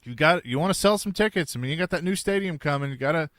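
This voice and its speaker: A man hosting sports talk radio, reading listener texts and giving brisk opinions. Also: a little high, expressive, a bit bright, dry recording, studio quality.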